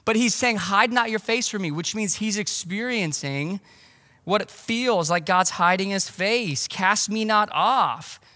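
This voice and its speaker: A man preaching a sermon as pastor, conversational and animated, with casual asides. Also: sits high, unhurried, in a large hall. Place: church.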